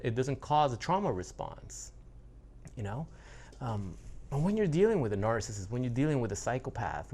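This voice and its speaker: A man's voice: medium pitch, a little mellow. A man giving a blunt, profane monologue about relationships, often restarting his sentences. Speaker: relationship coach. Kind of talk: casual monologue.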